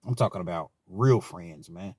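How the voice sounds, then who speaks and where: A man's voice: deep voice, moderate pace, a little mellow, slightly rough, no room sound. A man from Kentucky telling stories from his time in prison, in a laid-back, frank way and often tagging his sentences with "man.". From Richmond, Kentucky, US. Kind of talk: casual storytelling monologue.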